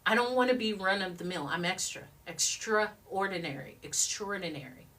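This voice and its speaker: A woman's voice: medium pitch, lively intonation, moderate pace, a bit bright, distant mic. A woman giving a motivational talk in a studio, speaking emphatically and repeating affirmations in rhythmic chants.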